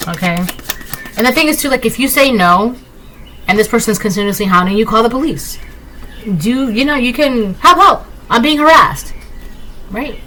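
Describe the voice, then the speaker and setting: A woman's voice: on the high side, lively intonation, moderate pace, bright, forceful tone, slight background noise, rough recording. A woman doing a casual tarot reading, talking emphatically and often tagging lines with "right?". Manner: emphatic, repetitive, rhetorical "right?" asides. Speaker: tarot reader.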